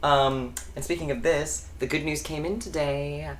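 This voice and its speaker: A man's voice: a little high, steady tone, normal speed, fairly bright tone, a little hiss or hum. A young man from the United States hosting a casual chat vlog from his bedroom, rambling through tangents with lots of ums. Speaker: host.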